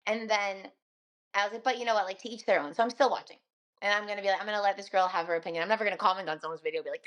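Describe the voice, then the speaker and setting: A woman's voice: mid-range voice, fast talker, a bit bright. A young woman, a radio host, talking casually and earnestly on a podcast. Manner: chatty, earnest, laughs often.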